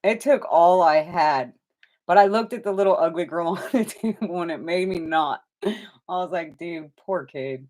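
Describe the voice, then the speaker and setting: A middle-aged woman hosting a live stream, telling stories casually with lively voices for the people in them and frequent swearing. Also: lowish voice, normal speed. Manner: animated, swears freely, acts out quoted people. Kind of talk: casual storytelling.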